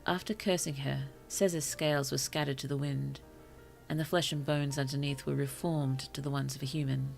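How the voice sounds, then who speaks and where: A woman streamer reading short stories aloud to her chat, slow and careful, with apologetic asides between passages. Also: a bass voice, fairly even intonation, gravelly, darkish tone, faint music behind. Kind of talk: story reading on a livestream.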